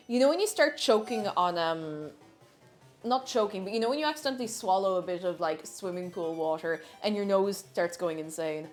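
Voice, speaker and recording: A young woman chats playfully to her stream while cooking, greeting viewers as she goes. Her pitch swings widely and freely. Faint music plays in the background. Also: expressive, moderate pace. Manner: chatty, playful, reads chat aloud while cooking. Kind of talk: casual live-stream cooking chat.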